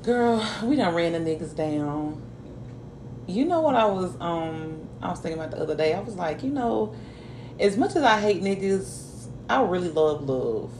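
A woman's voice: lowish voice, sing-song, moderate pace, a little mellow, a little hiss or hum. A young woman hosting a podcast, talking bluntly and profanely in casual storytelling chat. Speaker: podcast host. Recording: roomy echo.

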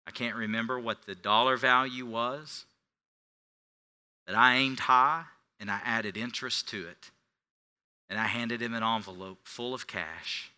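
A middle-aged male pastor preaching a sermon, swinging between quiet confession and loud, forceful preaching. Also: medium pitch, smooth.

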